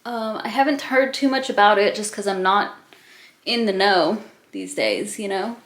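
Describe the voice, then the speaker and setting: A woman's voice: mid-range voice, expressive, normal speed. A young adult woman talking casually to camera in a diary vlog, chatty, full of "like" fillers and small laughs. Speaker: vlogger.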